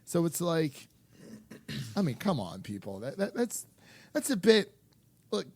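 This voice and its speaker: A young man co-hosting a film podcast, talking in an animated, rambling way with lots of restarts and fillers. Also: on the high side, takes it slowly. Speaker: podcast co-host. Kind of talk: casual chat.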